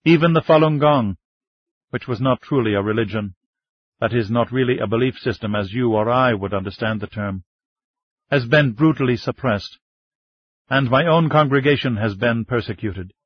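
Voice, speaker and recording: Dignified fifties minister, measured and formal, voiced by a man, husky, dry lo-fi read. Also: mid-range voice, no echo, close to an everyday voice. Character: dignified male Chinese Baptist minister in his fifties, calm. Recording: dull lo-fi dry recording.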